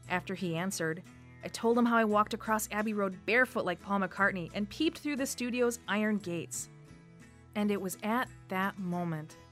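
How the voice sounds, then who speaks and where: A woman in her thirties from Wisconsin with a Wisconsin accent, reading a personal radio essay in a warm, lightly humorous way. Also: medium pitch. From Wisconsin, USA. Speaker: storyteller.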